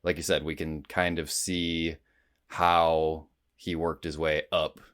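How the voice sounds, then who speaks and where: Male co-host, very low voice, easygoing chat, trips over words. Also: level tone, slow pace, fairly bright tone, smooth. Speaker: podcast co-host. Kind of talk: casual movie-review chat.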